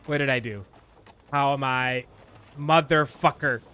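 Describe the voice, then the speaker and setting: A man streaming a video game live, chatting casually and getting excitable, swearing and laughing at his own mistakes. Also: medium pitch, a little slow, long pauses, clear, resonant tone. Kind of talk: live gameplay commentary.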